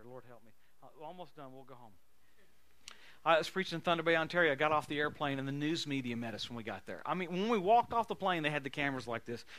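A man preaching a sermon, telling stories in an animated, folksy way and laughing often. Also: a little high. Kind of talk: sermon with storytelling.

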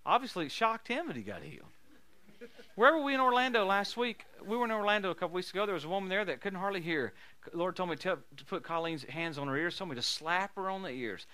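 Bright, high-voiced animated preacher man. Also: fast talker. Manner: animated storytelling, laughing, bursts of loud emphasis. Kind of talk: sermon with healing testimonies.

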